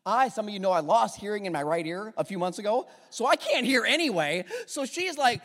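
A man preaching a sermon as a pastor, telling stories in a lively way and having the congregation repeat phrases after him. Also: sits high, fairly quick, few pauses. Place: church sanctuary. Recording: long reverb of a church hall.

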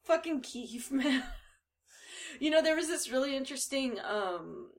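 A woman in her thirties co-hosting a casual podcast chat, giggly and animated, squeamish and quick to say "ew". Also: high voice. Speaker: podcast co-host.

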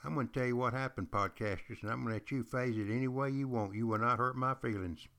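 An older man hosts a podcast with the air of a longtime teacher, retelling history stories. He speaks to his listeners directly, repeating his key points for emphasis, in a voice of ordinary pitch for a man. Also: quick pace, fairly bright tone. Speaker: podcast host. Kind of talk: storytelling history lecture.

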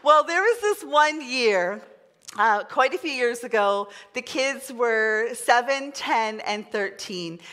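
Middle-aged woman preacher, high voice that swoops all over, chatty and excitable; big church hall. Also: slow. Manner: chatty, excitable, leads the crowd in call-and-response. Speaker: pastor. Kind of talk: sermon. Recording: long hall reverb.

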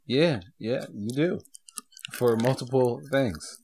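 A man co-hosting a podcast in casual chat, reacting loudly, laughing and swearing. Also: medium pitch, slow, noisy background. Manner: loud laughing reactions, profane.

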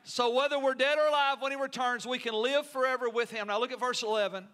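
A man's voice: very high-pitched, fairly even intonation, normal speed, fairly bright tone, smooth. A male pastor preaching a sermon in an earnest, emphatic way, often asking the congregation questions.

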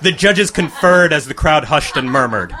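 A man reads a crude comic short story aloud to a live audience. His voice is bright and a little high, and he delivers absurd lines with a straight face. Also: expressive, normal speed.

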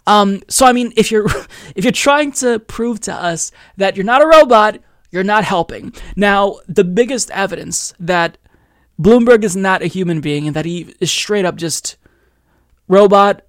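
A man's voice: high voice, a little slow, fairly bright tone, no echo, clean studio sound. A man from Oregon hosting a political podcast, sarcastic and profane, often breaking into laughter. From Oregon, USA. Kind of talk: casual political commentary.

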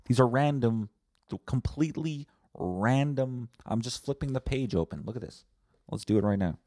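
A man's voice: mid-range voice, normal speed, warm tone, no room sound, clean studio sound. A man hosting a solo podcast, talking in a rambling, blunt, profane way. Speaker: podcast host. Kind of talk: casual solo podcast monologue.

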